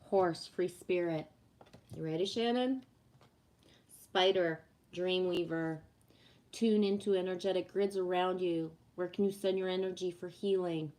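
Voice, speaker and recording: A woman's voice: fairly low pitch, fairly even intonation, unhurried, darkish tone. A woman livestreaming casually to viewers, ranting bluntly and swearing freely, then reading oracle cards. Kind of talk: casual live chat with viewers.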